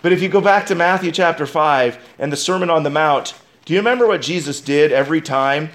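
A pastor with a voice high for a man preaches a brisk sermon. He hammers his points with repeated rhetorical questions, then slips into quieter asides.

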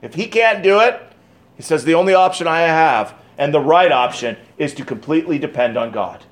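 A man's voice: a little high, expressive, normal speed. Man preaching a dramatic sermon. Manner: preaching with dramatic swings from loud emphasis to hushed tones; reads scripture aloud in King James wording. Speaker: pastor.

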